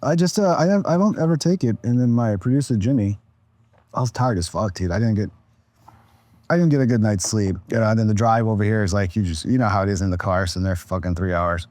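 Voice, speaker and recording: A man's voice: on the low side, fast, darkish tone, no room sound. A tired man in his thirties, a podcast guest, chatting casually in a rambling, laid-back way with plenty of swearing and restarts. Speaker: podcast guest, content creator.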